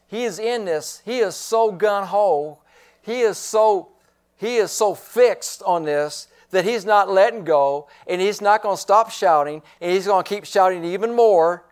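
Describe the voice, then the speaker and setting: Male pastor, high voice, unhurried emphatic sermon delivery with repetition. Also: clean tone. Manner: emphatic preaching, repeats phrases.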